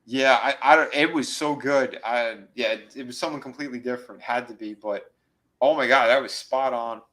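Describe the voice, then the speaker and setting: A man co-hosting a horror review podcast, excitedly retelling episode scenes in a rambling, casual way. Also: medium pitch, normal speed. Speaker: podcast co-host.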